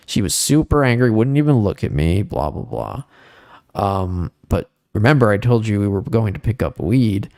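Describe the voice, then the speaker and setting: A young man hosting a casual podcast, telling a story animatedly and jumping up in pitch at the dramatic moments. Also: big pitch swings, moderate pace, darkish tone, no echo, clean studio sound. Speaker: podcast host.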